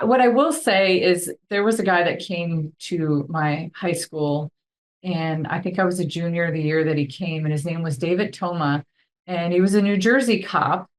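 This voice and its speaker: A woman co-hosting a podcast, talking in a lively, chatty way over a video call. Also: on the low side, moderate pace, reverberant. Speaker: podcast co-host. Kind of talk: casual podcast conversation.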